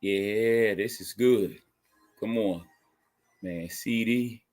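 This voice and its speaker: A young man hosting a live stream, reacting to a game as it plays and talking to his chat with excitement and laughs. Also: on the low side, extremely slow. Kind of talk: live fan commentary on a game.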